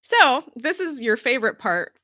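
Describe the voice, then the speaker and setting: Lively woman recapping a show. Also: high voice, moderate pace, no echo, studio quality. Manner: animated, acts out quoted lines, laughs often. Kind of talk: casual chat recapping a TV show.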